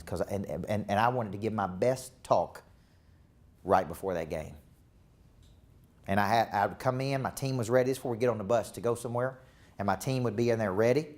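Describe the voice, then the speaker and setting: A man coaching managers at a live seminar, talking in an emphatic, repetitive, rallying way. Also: fairly low pitch. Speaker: business coach. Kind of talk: live motivational seminar talk.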